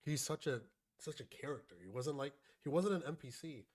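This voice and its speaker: A man's voice: fairly high pitch, animated, brisk, a little mellow. A young man casually telling a rambling, profane story and acting out his friends' lines.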